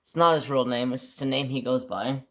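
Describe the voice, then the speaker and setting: A man's voice: medium pitch, fairly quick, fairly bright tone. A man casually telling a long personal story on his crafts channel, rambling with restarts and mild swearing. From United States.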